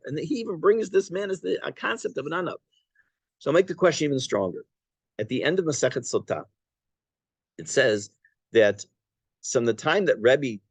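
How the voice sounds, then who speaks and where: Rabbi teaching a class, animated delivery, translating as he goes; dry close sound. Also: medium pitch, no echo. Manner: translates Aramaic phrase by phrase, lively and conversational; halting restarts and fillers while explaining. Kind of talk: Torah class explaining a Talmud story.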